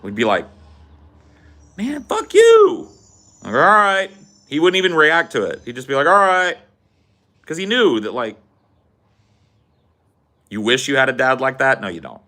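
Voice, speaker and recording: Young dude rambling thru a story on a podcast, swears a lot, says like constantly. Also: male voice, mid-range voice, animated, brisk, pauses often, pushed and bright. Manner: rambling, swears casually, lots of fillers. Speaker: podcast host. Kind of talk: casual storytelling chat.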